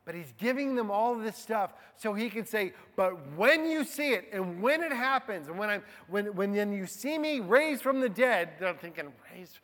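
A man preaching a sermon to a group of men in a conversational way, swinging between hushed low asides and loud, emphatic stresses. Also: expressive, moderate pace, few pauses. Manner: conversational, addresses the men in the room. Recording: long hall reverb.

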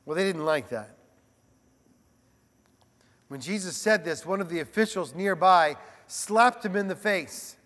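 Male pastor, high-pitched, lively conversational sermon delivery; recorded with long hall reverb. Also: measured pace, pauses often. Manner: animated, conversational preaching with asides.

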